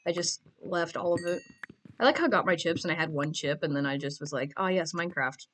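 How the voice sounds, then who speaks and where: A woman's voice: on the low side, a little fast, a bit bright, slight background noise. A woman giving casual, playful commentary while playing a game, joking and giggling to herself. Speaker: Minecraft player.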